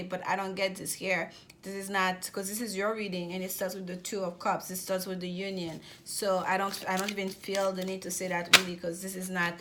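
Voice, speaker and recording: A woman giving a general tarot reading, talking fast and often restarting and repeating words as she goes. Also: medium pitch, fairly bright tone, slight background noise. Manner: rapid, repetitive with many restarts. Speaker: tarot reader.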